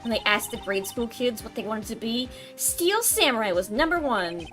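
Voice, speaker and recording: A woman voicing an excitable, bubbly teenage girl sidekick while reading game dialogue aloud. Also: fairly high pitch, moderate pace, faint music behind. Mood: gushing. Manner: gushing, squealing and loud.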